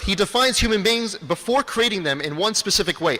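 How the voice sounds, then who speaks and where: A man's voice: high-pitched, lively intonation, fairly quick, pushed and bright. A man gives a lecture presentation, putting questions to the audience and answering them himself. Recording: long reverb of a hall.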